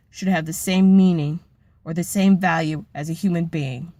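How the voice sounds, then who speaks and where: A woman's voice: lowish voice, normal speed, a little mellow, no echo. A young adult woman ranting in a personal vlog, impassioned and blunt, swearing heavily as she speaks her mind. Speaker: vlogger. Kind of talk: emotional personal vlog rant.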